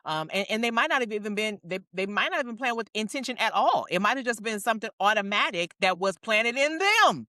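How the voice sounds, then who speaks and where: Lively, bright-voiced woman co-host. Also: on the high side, a little fast, hardly any pauses, no room sound, studio quality. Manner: reflective, thoughtful, builds her points. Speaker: podcast co-host. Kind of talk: casual conversational talk.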